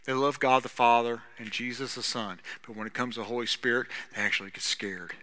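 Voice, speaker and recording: A man preaching a sermon as pastor, talking conversationally and swinging between loud stretches and hushed ones. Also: mid-range voice, steady tone, fairly quick. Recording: long reverb of a large hall.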